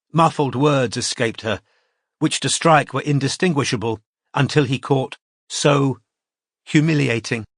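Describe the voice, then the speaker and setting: Guy narrating a detective audiobook, steady mid voice, very dry close sound. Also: mid-range voice, breathy edge, dry recording. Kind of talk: scripted narration.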